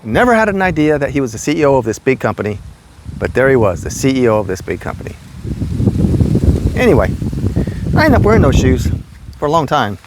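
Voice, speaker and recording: Lively older man telling stories. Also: fairly quick, pauses often, noisy background. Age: 60s. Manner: animated, rambling, jumps high when quoting himself. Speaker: vlogger telling work stories. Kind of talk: casual storytelling.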